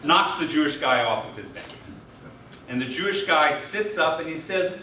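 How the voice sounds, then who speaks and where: Rabbi speaking in an echoey hall. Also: male voice, a little high, animated, normal speed, sharp tone. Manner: folksy storyteller, does voices in a joke. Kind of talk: speech at an interfaith dinner. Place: large hall. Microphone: distant mic. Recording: echoey hall from far off, noisy.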